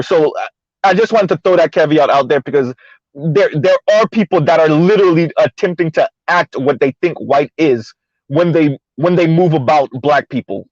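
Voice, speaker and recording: A man's voice: on the high side, darkish tone, no echo. A man speaking on an online panel discussion, making long emphatic points full of restarts, over slightly muffled call audio. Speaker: podcast panelist.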